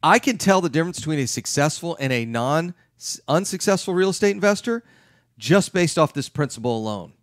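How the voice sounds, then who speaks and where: A middle-aged man giving an emphatic, lively talk as a real estate investment educator. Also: fairly high pitch, brisk, no room sound, studio quality. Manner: emphatic, acts out his clients' questions.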